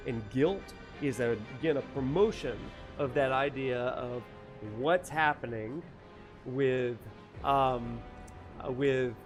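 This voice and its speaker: A man's voice: mid-range voice, takes it slowly, soft background music. A man, a university professor, lecturing casually while playing a video game, rambling with many fillers and joking about technical trouble. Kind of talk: casual lecture over gameplay.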